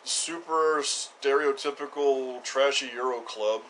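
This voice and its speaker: Deadpan guy on a chill podcast, dry teasing, faint noise in the back. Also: medium pitch, takes it slowly, low-quality recording. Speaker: podcast co-host. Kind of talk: casual chat reviewing a TV episode.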